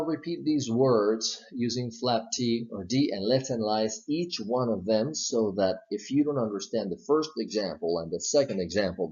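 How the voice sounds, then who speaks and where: In a slow, step-by-step English pronunciation lesson, a man patiently explains each stage and repeats model words. His voice is on the low side and a little mellow, captured in a slightly dull lo-fi recording.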